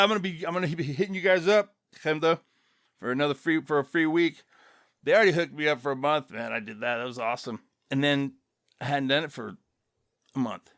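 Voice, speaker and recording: Rambling man on a lively solo podcast. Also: on the high side, no room sound, studio quality. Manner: loose, rambling, chuckling asides. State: relaxed after an edible. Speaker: podcast host.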